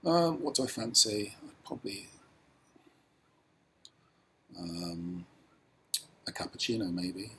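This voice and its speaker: A man's voice: fairly low pitch, very animated, unhurried, bright, forceful tone, a little hiss or hum. A man casually explaining a language practice tool on screen, hesitant with many ums.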